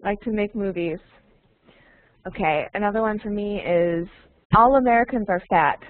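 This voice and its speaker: A woman's voice: medium pitch, normal speed. A woman teaching an online English lesson to a small group, patiently repeating and modeling phrases and laughing often. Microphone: computer mic on a video call. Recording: tinny online call line.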